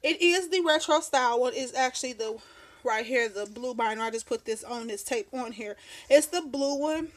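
A woman's voice: a little high, normal speed. A woman in her thirties chatting casually through a craft show-and-tell at her home desk, rambling, laughing often and sounding slightly out of breath. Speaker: craft vlogger.

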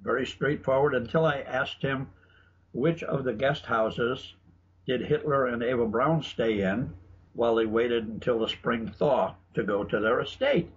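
A man with a medium-pitched, slightly rough voice speaks unhurriedly as a guest author and researcher in a casual interview. He tells chatty, anecdotal stories and often restarts his sentences. The broadcast audio is dull and lo-fi, with faint noise.

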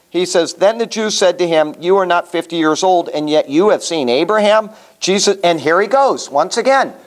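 A man leading a Bible study class in a conversational way, asking the class questions as he teaches. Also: sits high. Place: room with a small class.

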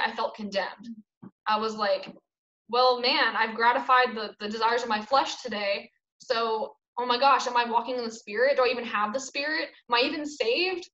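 A young woman teaches a casual Bible study in an animated, chatty way, scattering "like" through her talk. Her voice sits a bit high. The sound is dull and lo-fi, with a lot of room echo. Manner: chatty and animated, lots of "like" fillers.

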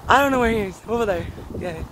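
A woman's voice: medium pitch, expressive, fast talker, background noise. A woman vlogging in a casual, rambling monologue, profane and offhand, laughing often as she talks outdoors on a street.

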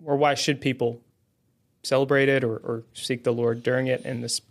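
With the mic held close, a man guest co-hosts a faith podcast, keeping things casual, friendly and self-deprecating, his speech full of fillers. He talks at a moderate pace in a medium pitch that barely rises or falls.

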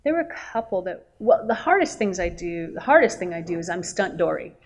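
Lively woman telling stories on a panel. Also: lowish voice, fairly quick. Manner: lively, acts out quotes and laughs often. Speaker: voice actress on a convention panel. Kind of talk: animated storytelling on a panel. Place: convention hall.

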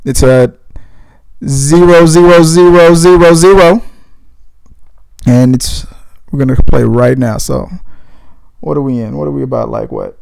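Young guy, podcast host, very gravelly voice, dry close sound, loose and cursing. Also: mid-range voice, steady tone, normal speed, dark tone, no room sound, low-quality recording. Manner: rambling, profane, laid-back. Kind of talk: casual movie commentary.

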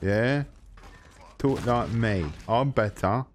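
A man's voice: mid-range voice, slow, slight background noise. A man with an English accent taunting other players in game voice chat, mocking and boastful, speaking through a headset. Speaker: streamer trolling other players. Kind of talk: insulting banter over game voice chat.

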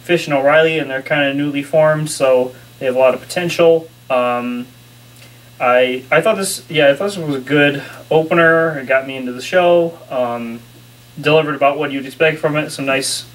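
A man hosting a casual chat, speaking in a measured, hesitant way with many pauses. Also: on the high side, a bit bright. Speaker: podcast host. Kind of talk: casual chat reviewing a wrestling show. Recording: distant mic in a room.

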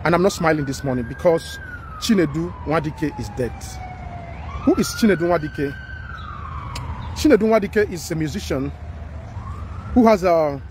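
A man's voice: a little high, darkish tone, a little hiss or hum. A man with a Nigerian accent giving impassioned commentary, emphatic and repetitive, pleading with his listener. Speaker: social commentator.

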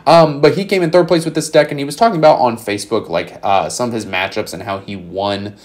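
A man's voice: medium pitch, fairly even intonation, fast. Hype, profane young man breaking down a deck. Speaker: card game content creator.

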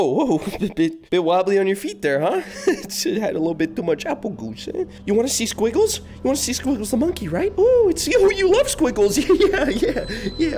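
In an improvised comedic bit, an animated male VR game streamer plays a goofy dad, his voice a little high. He keeps jumping from coaxing to panicked outbursts.

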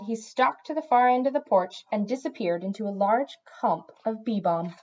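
A woman reading a fantasy novel aloud in expressive storybook narration. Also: medium pitch, normal speed, hardly any pauses, lo-fi sound. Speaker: audiobook reader.

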